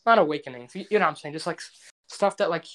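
A man's voice: fairly high pitch, expressive, very fast, fairly bright tone. Young male co-host, loose and rambling, casual podcast banter. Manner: rambling with many fillers. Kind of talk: casual chat.

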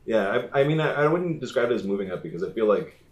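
A man in his thirties with a fairly low voice, chatting casually on a comedy podcast. He tells stories in an animated way and swears freely. The room gives his voice a roomy echo. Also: fast. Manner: animated storytelling, swearing, bursts into impressions. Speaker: podcast co-host. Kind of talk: casual chat.

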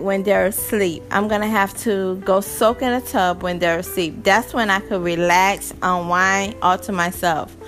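Animated young mom ranting with laughs. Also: female voice, mid-range voice. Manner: animated, laughing, exasperated storytelling. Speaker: podcast host. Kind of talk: casual monologue.

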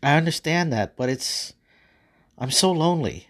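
A man's voice: fairly high pitch, lively intonation, normal speed, voice pushed up. A man voicing a nervous, whiny young man in a comic story, hesitant and pleading.

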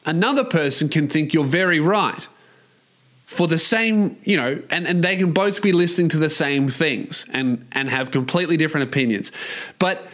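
High-voiced man ranting profanely. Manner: profane, mocking, animated, rambling. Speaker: podcast host. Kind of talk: solo podcast rant.

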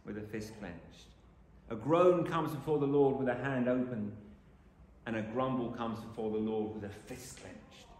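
A man preaching a sermon, dramatic, swinging from loud exclamations to hushed lines. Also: medium pitch, steady tone, normal speed, a little hiss or hum. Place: church. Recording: echoey church hall.

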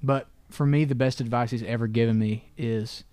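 A man's voice: medium pitch, steady tone, normal speed, mellow, clean tone, no room sound. A man from North Georgia, an earnest, plain-spoken musician guest in casual interview chat.

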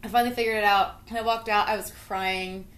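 A young adult woman co-hosting a podcast, telling a story in a lively, casual way and swearing freely. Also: mid-range voice, fast talker. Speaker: podcast co-host. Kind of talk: casual chat. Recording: roomy echo.

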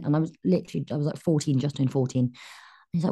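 Welsh woman, young adult, low and mellow voice, animated raconteur who jumps into quoted voices. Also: breathy edge. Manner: animated storyteller, acts out quotes, quick bursts. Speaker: actress guest. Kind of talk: anecdotal podcast chat.

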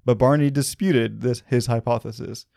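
A man's voice: medium pitch, fairly even intonation, normal speed, creaky, dark tone, dry recording, studio quality. A man from Arkansas who hosts a podcast, telling a story with wry asides and laughing at his own jokes. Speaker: podcast host.

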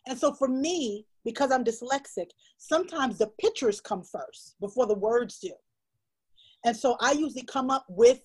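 A woman's voice: on the high side, rough recording. A woman speaking as an illustrator and storyteller guest in an interview, talking with heartfelt emphasis and repeating phrases for stress.

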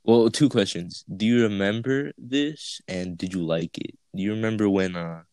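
A man co-hosting a podcast, telling stories in a quick, joking way and laughing often. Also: lowish voice, a little mellow, dry recording. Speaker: podcast co-host. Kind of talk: casual chat.

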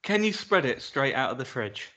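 A man trades casual banter with a dry, teasing edge and won't budge on his point. His voice rises and falls freely. He sounds relaxed and amused. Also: medium pitch, normal speed. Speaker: podcast co-host.

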